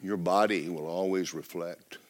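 A middle-aged male pastor, preaching loudly and with life, often dropping to a hush. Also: sits low, a little slow. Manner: loud, lively preaching with sudden drops to a hush. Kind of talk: sermon. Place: church.

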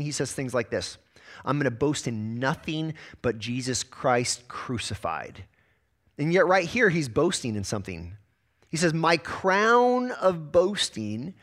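Animated preaching man. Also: on the high side. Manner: animated preaching with frequent word repeats. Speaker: pastor. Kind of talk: sermon.

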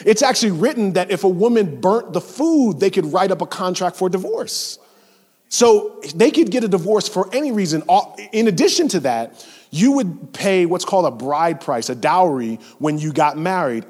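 A man preaching a sermon in a lively, conversational way, slipping into playful voiced asides and sudden loud emphasis. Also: high voice, normal speed, long reverb tail.

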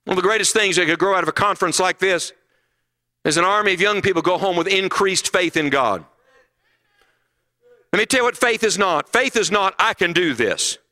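A man's voice: sits high, fairly quick, long pauses, bright, forceful tone. A middle-aged man preaching a sermon at a conference, emphatic and full of rhetorical questions.

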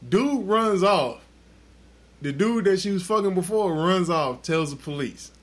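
Animated, profane man. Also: high voice, measured pace. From Texas. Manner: animated, crude, profane storyteller. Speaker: podcast host. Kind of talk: casual chat, storytelling.

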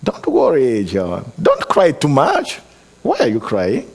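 A man with a foreign accent preaching a sermon, earnest and exhorting, often pausing with hesitations and restarting his words. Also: medium pitch, wildly swooping pitch, vocal fry, slightly rough. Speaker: guest preacher.

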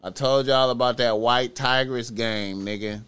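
A man's voice: medium pitch, steady tone, unhurried, fairly bright tone, clean tone. A man streaming reaction commentary, profane and repetitive, stretching key words for emphasis.

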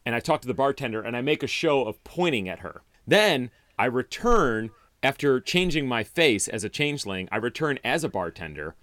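A man co-hosting a podcast, telling game scenarios in an animated way and teasing his partner. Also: medium pitch, moderate pace, dry recording. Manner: animated storyteller, wry teasing. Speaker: podcast co-host. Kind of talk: casual chat about tabletop game scenarios.

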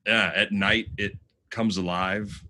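Bright-voiced laid-back man, casual podcast chat. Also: lowish voice, fairly even intonation, slow pace, a little hiss or hum. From Galveston, Texas. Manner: laid-back, swears freely, laughs often. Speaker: podcast co-host. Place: rented apartment while traveling.

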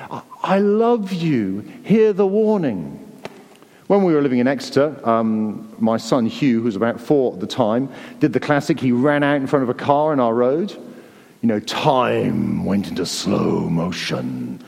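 Speaking at a normal pace to a church congregation, a pastor preaches in an earnest, pleading way, repeating words as he presses his point. His medium-pitched voice has vocal fry and a darkish tone, and the recording has a big-room sound.

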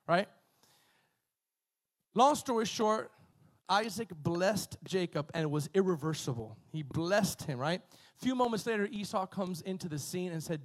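High-voiced man preaching with animated repetition. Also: moderate pace. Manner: animated, conversational preaching with many repetitions and asides. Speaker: pastor. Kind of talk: sermon.

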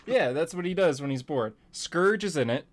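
A man hosting a casual podcast, retelling a comic plot with animated laughs. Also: fairly high pitch, normal speed, noisy background. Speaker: podcast host. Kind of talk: casual comic book chat.

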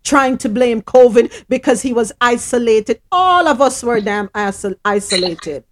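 A woman's voice: on the high side, measured pace. A woman host, speaking emphatically and repeating her points in a heated discussion. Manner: emphatic, repetitive, indignant.

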